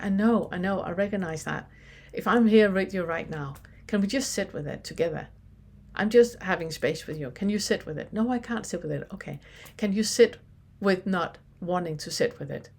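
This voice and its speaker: Soft-spoken woman teaching, slightly low voice. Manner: gentle, reflective, many restarts and pauses. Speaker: spiritual teacher. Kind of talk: recorded online lesson.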